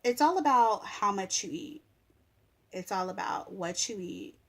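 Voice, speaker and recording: A woman's voice: medium pitch, expressive, unhurried, a bit bright. A young woman venting on her vlog, blunt and sassy, swearing freely as she complains about people telling her what to eat. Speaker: vlogger. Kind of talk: casual vlog rant.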